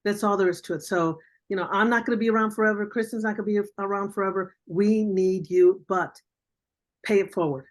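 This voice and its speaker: A woman's voice: mid-range voice, fairly even intonation, a little fast. An older woman, a veteran journalist, giving blunt, emphatic career advice as a guest on an online mentoring interview over a video call.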